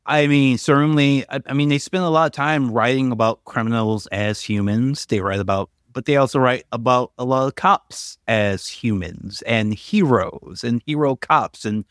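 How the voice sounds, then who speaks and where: A man chats on a podcast in a conversational, hedging way, full of fillers and side remarks. His voice sits at a middle pitch and sounds close and dry. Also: moderate pace, hardly any pauses, clear, resonant tone, no room sound. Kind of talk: casual discussion.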